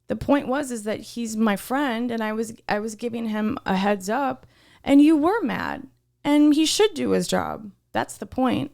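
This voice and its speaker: A woman's voice: fairly high pitch, a little slow, vocal fry. A woman co-hosting a podcast, telling a workplace story in casual, heated talk, swearing often. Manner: swears a lot, heated and animated retelling. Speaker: podcast co-host.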